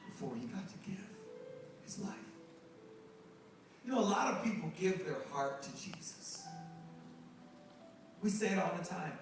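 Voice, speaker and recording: A middle-aged male pastor preaching a sermon, animated and joking with the congregation as he tells stories. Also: fairly high pitch. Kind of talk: sermon with storytelling. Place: church sanctuary. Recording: echoey hall, distant mic, music behind.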